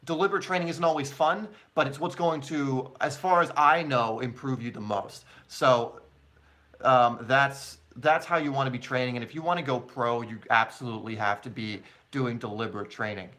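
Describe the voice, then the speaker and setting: Young male host, bright tone, casual live Q&A, loose and chatty with fillers. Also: mid-range voice, normal speed. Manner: casual, chatty, laughs often, many fillers. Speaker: soccer channel host. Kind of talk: live Q&A stream.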